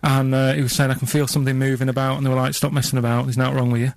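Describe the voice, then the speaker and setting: Deadpan, rambling man. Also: mid-range voice, rapid-fire, creaky, dry recording. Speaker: radio co-host. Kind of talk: radio banter.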